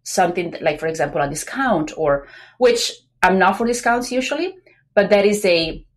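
A pregnant woman talking as a guest on a business podcast, chatty and lively, acting out quoted remarks between many fillers. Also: mid-range voice, moderate pace. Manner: animated, acts out quoted voices, many fillers. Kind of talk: casual interview talk.

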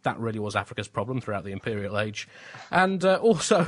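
A man co-hosting a satirical comedy podcast, reading out phrases with dry irony and dropping into low muttered asides. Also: very animated, quick pace. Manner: dry, ironic, swings between bright and low asides.

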